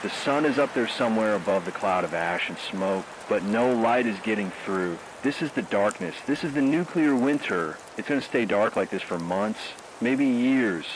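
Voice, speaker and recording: A man's voice: on the low side, expressive, moderate pace, few pauses, background noise, lightly acted. A man playing a frightened radio DJ who talks in a grim, shaken and despairing way during a radio drama. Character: male radio host, scared and grief-stricken.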